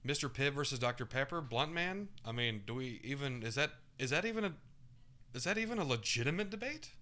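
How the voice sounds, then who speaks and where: Brief: loud, bright-voiced male co-host, loose and profane, jumps from topic to topic. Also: medium pitch, lively intonation, a little fast. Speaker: co-host of a fight watch stream. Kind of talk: casual banter between friends.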